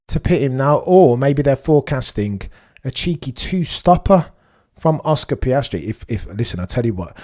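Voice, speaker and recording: A young man hosting a live race watchalong, chatting excitedly to his viewers and reacting with slang. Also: mid-range voice. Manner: excitable, chatty, British slang, talks to chat. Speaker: livestream host.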